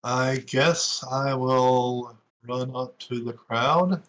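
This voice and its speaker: A man's voice: medium pitch, drawn-out words, fairly bright tone, slight background noise. A man playing in a tabletop game, easygoing and laughing often. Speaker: player. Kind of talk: casual tabletop play.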